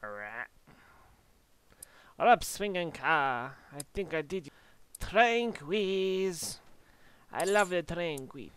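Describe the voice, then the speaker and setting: A man's voice: fairly high pitch, sing-song, slow, long pauses, fairly bright tone, a little hiss or hum. A young Australian man doing goofy game commentary and slipping into silly voices. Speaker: gaming YouTuber.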